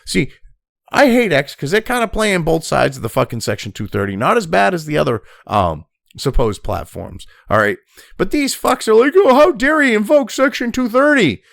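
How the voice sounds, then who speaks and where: Angry foul-mouthed guy reading headlines and tearing into them, kinda high voice, dry room. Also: wildly swooping pitch, moderate pace, gravelly, fairly bright tone, no echo. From United States. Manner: angry, crude, mocking, reads news then rants. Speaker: political commentary host. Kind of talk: profane rant over read-aloud news.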